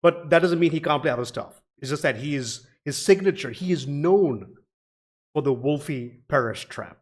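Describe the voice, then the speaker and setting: A man's voice: on the high side, lively intonation, normal speed. A man hosting a reaction video, talking casually with lots of fillers and the odd curse. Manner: rambling, swears casually, frequent fillers.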